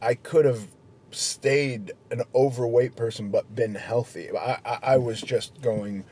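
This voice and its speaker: A middle-aged man talking candidly and reflectively as a guest in casual chat, often halting and restarting. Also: mid-range voice, warm tone, slightly rough.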